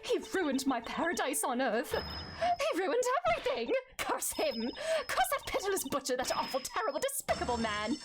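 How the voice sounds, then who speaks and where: Woman playing a ranting warden villain, shrill, wildly swooping voice, game music behind. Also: wildly swooping pitch, moderate pace. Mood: bitter ranting. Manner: ranting, escalating to screams. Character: unhinged female prison warden villain.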